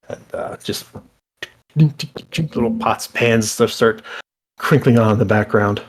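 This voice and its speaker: A man narrating a tabletop game as dungeon master, halting and full of fillers. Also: medium pitch, lively intonation, husky.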